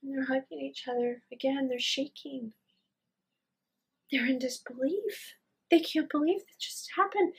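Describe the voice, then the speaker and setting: A woman's voice: sits high, unhurried. A woman telling a spoken ghost story with drama, acting out the voices of her characters.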